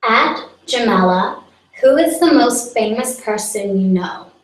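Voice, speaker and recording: A boastful young woman hosts a comic live stream in character as a self-styled celebrity, improvising a rambling monologue full of "like" and mock outrage. Her voice is a little high, with lively intonation and an unhurried pace. She sits back from the mic, so the room lends her voice a roomy, distant echo.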